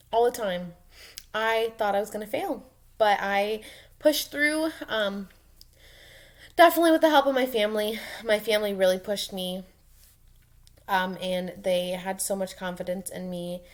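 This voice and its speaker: A young woman, a mom, talking casually and emotionally in a personal vlog, rambling with many ums and soft laughs. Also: mid-range voice. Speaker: mom vlogger.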